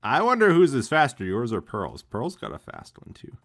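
A man's voice: medium pitch, huge pitch swings, normal speed, fairly bright tone. A man chatting casually with dry jokes while playing a game over voice chat. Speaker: fellow player.

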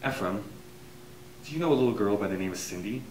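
A man doing a low, somber Santa Claus. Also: expressive, fast talker, darkish tone, a little hiss or hum, lightly acted. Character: weary, gentle old Santa Claus. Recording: echoey room from far off.

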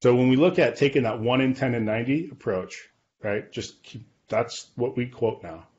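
A man talks through numbers in a confident, businesslike way, leaning on quick "right?" and "okay" check-ins. His voice sits at an everyday middle pitch. The sound is a little dull and lo-fi. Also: darkish tone. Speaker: guest, real estate data company leader. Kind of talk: podcast interview, explaining.

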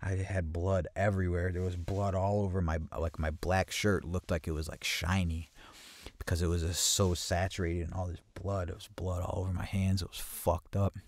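A man with a very low, deep voice recounts a story in a loose, conversational way, swearing often and stumbling back over his words. The sound is close and dry, with no room around it. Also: little pitch movement, moderate pace, no echo. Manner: profane, with frequent restarts and repeated words; grows louder and higher at tense moments. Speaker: podcast host telling a personal story. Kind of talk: casual first-person storytelling.

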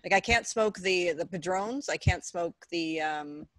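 A woman's voice: fairly low pitch, measured pace, no room sound. A woman talking as a guest in a casual podcast chat, frank with dry humor.

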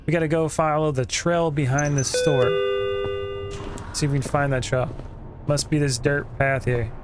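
A man's voice: on the high side, steady tone, moderate pace, music in the background. Man joking through a game playthrough. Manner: joking, casual running commentary. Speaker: gaming channel host. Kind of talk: let's play commentary. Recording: game audio playing behind.

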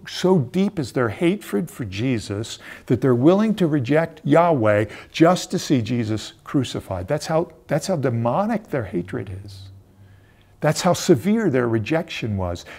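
A man preaching a sermon as pastor, stressing lines hard and then dropping low. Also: sing-song, measured pace. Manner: emphatic, repeats words, swings between loud stresses and quiet drops.

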